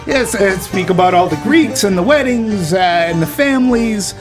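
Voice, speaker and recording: A man's voice: high voice, lively intonation, faint music behind. Playful male movie-show host. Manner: playful, halting with many restarts and fillers. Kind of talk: casual panel chat.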